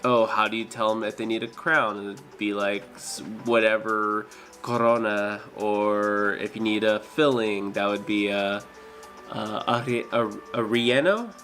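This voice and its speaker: A man's voice: on the low side, flat delivery, measured pace, a bit bright, soft background music. A man chatting casually with his stream viewers, hesitant and full of fillers and restarts. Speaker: streamer and dental worker.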